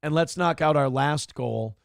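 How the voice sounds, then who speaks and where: A man hosting a morning show, ranting with profane sarcasm in a high, gravelly voice. His pitch swings widely as he talks, and the sound is dry and close. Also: measured pace, no room sound. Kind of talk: ranting commentary on news clips.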